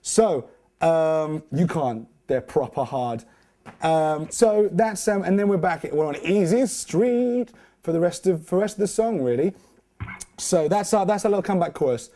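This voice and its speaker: A man's voice: fairly high pitch, moderate pace. A young man giving a casual, jokey guitar lesson, counting beats and scatting rhythms aloud. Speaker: guitar teacher. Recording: loud guitar playing under the voice.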